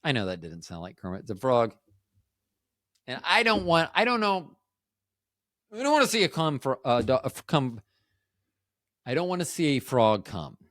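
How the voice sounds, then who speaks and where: Male podcast host, lively pitch, jokey and self-mocking, dry close mic. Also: normal speed, pauses often, no room sound. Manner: joking, self-deprecating, trails off and restarts. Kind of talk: rambling solo podcast chat.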